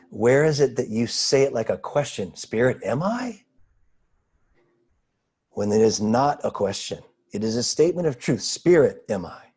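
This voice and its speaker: Man guiding a slow meditation. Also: medium pitch. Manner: slow, pausing, gently questioning. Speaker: spiritual teacher. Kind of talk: guided meditation. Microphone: video call.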